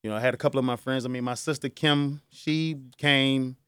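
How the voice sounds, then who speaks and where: A man's voice: mid-range voice, steady tone, fairly quick, a bit bright, clear, resonant tone, no echo. Male talk-show host, casual and emotional monologue, dry close sound. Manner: emotional, heartfelt storytelling. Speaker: podcast host.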